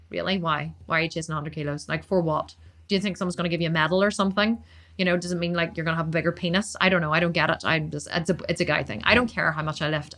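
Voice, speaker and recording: A woman fitness coach answering viewer questions on a live stream, talking fast, blunt and emphatic. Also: a little high, bright, forceful tone.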